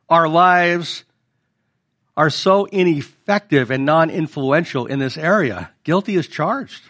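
A middle-aged man preaches in a high, light voice. He keeps it conversational and turns to the congregation with questions. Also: fairly bright tone. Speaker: pastor. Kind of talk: sermon.

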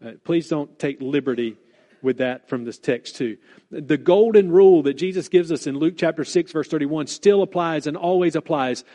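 A man preaching a sermon as pastor, earnest and deliberate, stressing key words and repeating them for weight. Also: fairly high pitch, dark tone.

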